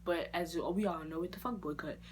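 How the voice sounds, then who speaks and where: Young woman, storytime vlog, slangy, animated, lowish voice. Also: fairly quick, slight background noise. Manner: animated, slangy, jumps into high-pitched quoted reactions. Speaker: vlogger.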